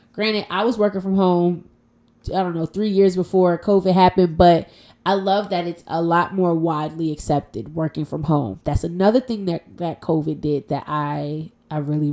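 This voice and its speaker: A woman chats on her own podcast from home in a casual, unfiltered way. She is blunt and playful and swears freely. Her voice sits a little low. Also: darkish tone. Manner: frank, profane and playful. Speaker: podcast host. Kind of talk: casual solo podcast chat.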